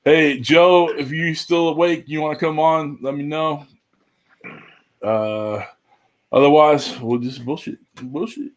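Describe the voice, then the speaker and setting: A man's voice: on the high side, steady tone, slow. A man hosting a casual livestream chat, loose and profane as he brings guests on. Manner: loose, swearing banter. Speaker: host.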